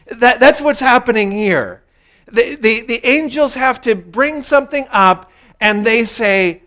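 Pastor, male, high voice, earnest sermon delivery that drives points home through repetition. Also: measured pace, fairly bright tone. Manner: earnest, repeats key lines for emphasis.

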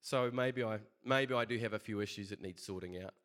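A man's voice: on the low side, brisk, fairly bright tone, close to an everyday voice. A man voicing a stubborn ordinary man who insists he needs no help. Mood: conceding.

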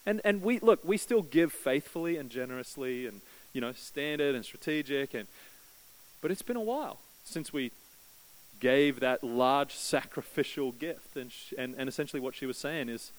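A man preaching from the pulpit, his voice sitting in a middle register. He tells a story casually and warmly, lifting his pitch when he acts out desperate prayers. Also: lively intonation, normal speed, low-quality recording. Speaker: pastor. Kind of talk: sermon.

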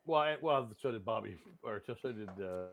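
A man's voice: mid-range voice, brisk, creaky, narrow, tinny audio, crowd noise. A man co-hosting a movie podcast, chatting casually and joking around with silly put-on accents. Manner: jokey, animated, slips into silly put-on accents. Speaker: podcast co-host. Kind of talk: casual banter about movies.

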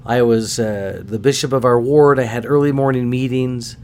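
Middle-aged guy hosting a podcast, chatty animated storytelling, pokes fun at himself, mid-pitched voice, faint hum behind. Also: moderate pace. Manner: animated, self-deprecating, acts out voices in anecdotes. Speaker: podcast host. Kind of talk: casual storytelling.

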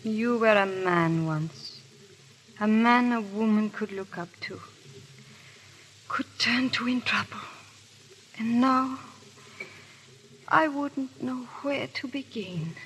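A woman's voice: on the high side, takes it slowly, pauses often, fairly bright tone, slight background noise. An actress playing a worried, earnest noblewoman in a 1930s radio drama. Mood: sorrowful. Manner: earnest, pleading.

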